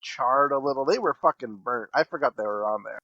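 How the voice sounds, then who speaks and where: A man's voice: medium pitch, brisk, dull audio. A man co-hosting a podcast in casual chat, blunt and jokey. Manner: blunt, jokey, laughs loudly. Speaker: podcast co-host.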